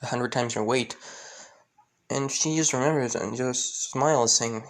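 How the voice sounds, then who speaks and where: A man tells a fan fiction story off the cuff, in a casual, rambling way. He fills gaps with the same stock phrases and often restarts his sentences. His voice sits at a middle pitch. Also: a little slow. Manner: rambling, many fillers and restarts, keeps repeating stock phrases.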